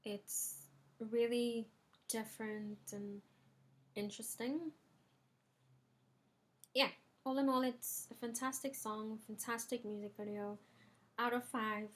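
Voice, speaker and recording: A young woman vlogs a music review from her bedroom at home, chatting casually with lots of filler ums. Her voice is fairly high and fairly bright.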